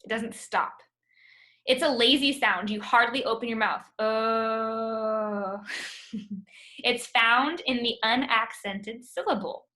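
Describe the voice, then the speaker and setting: A woman teaching a phonics lesson over a video call, slowly sounding out words for her students. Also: fairly high pitch, bright, forceful tone. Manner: patient, drawn-out sounding of words.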